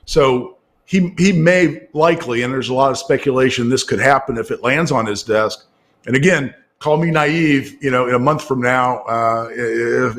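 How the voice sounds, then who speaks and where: A middle-aged man from Indiana talks politics as a guest commentator. He rambles with fillers and restarts and picks up energy when he presses a point. His voice sits at an ordinary pitch for a man. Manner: talkative, with frequent fillers and restarts. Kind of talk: casual political talk.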